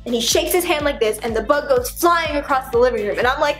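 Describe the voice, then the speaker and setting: High-voiced young woman vlogger, animated storyteller who says "like" constantly, faint music underneath. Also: quick pace, hardly any pauses. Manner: animated, heavy use of "like," dramatic retelling. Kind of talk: storytelling vlog. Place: home. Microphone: on-camera shotgun mic.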